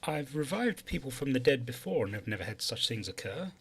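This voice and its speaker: A man's voice: mid-range voice, big pitch swings, brisk, fairly bright tone. A man speaking in character as a player in a tabletop game, hesitant and polite. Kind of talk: in-character tabletop role-play.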